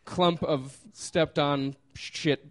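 A man's voice: on the high side, fairly even intonation, very slow. Laughing man telling a story. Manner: casual and laughing, with lots of fillers.

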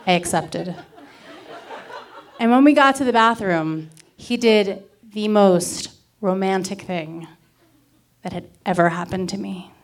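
Woman in her thirties from Miami, live storytelling; wry, candid, deadpan delivery. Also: mid-range voice, takes it slowly, pauses often. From Miami, Florida. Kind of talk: personal story told to a live audience.

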